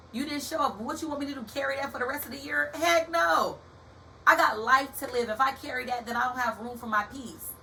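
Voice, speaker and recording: A young woman hosting a motivational podcast in a casual, animated way, calling her listeners baby and y'all, like a preacher. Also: fairly high pitch. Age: young adult. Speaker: podcast host. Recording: distant from the mic with faint background hiss.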